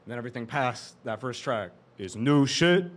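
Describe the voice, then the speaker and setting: A young man from Dallas with a Texan accent, chatting casually on stage before rapping, in a relaxed, laid-back way. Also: medium pitch, moderate pace. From Dallas, Texas. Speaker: rapper performing at an open mic. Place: open mic venue, indoors. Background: hip hop backing music.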